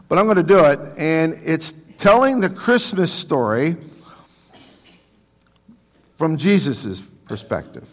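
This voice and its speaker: Male pastor, conversational sermon, slightly high voice, echoing church hall. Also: vocal fry. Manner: conversational, chatty with asides and restarts.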